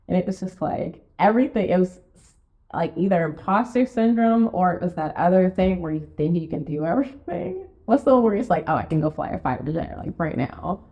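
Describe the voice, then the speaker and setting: A woman co-hosting a podcast in casual chat, telling stories full of fillers and acting out her own quotes in a high voice. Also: very animated, brisk. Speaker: podcast co-host, real estate marketing and sales director. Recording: dull lo-fi podcast recording.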